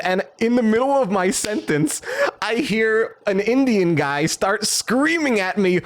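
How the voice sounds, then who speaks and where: Young male streamer, casual profane storyteller, high lively voice, keeps cracking up. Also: unhurried. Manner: laughing, profane, animated.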